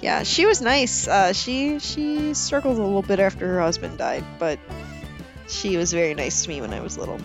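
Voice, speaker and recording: A young woman co-hosting a podcast in casual movie chat, giggly and animated, with big pitch swings. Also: normal speed, vocal fry, music in the background. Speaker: podcast co-host.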